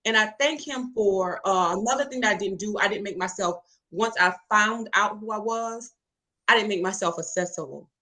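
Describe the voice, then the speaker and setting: On poor audio, a woman with a mid-range, pushed and bright voice speaks at a moderate pace. She's a catering business owner interviewed as a guest, delivering her story like a testimony, emphatic and preacherly, addressing listeners directly.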